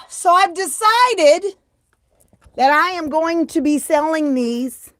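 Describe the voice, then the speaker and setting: A woman with a high, bright-sitting voice talks casually into her phone on a live stream, folksy and joking at her own expense. The sound is dry and close, with no room around it. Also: no echo. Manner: folksy, joking, self-mocking. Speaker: live streamer selling handmade blankets.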